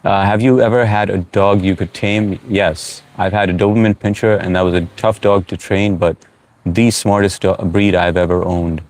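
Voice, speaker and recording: A middle-aged man from the United States, speaking in a very low, deep voice. He hosts a live stream in a loose, easygoing way, reading viewer comments aloud with plenty of fillers. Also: moderate pace. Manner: relaxed, reads out chat comments, frequent uh fillers. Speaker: livestream host. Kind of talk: casual live chat.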